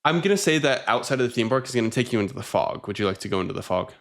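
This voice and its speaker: A man's voice: mid-range voice, animated, very fast. A man running a tabletop game as game master, casual and laughing often.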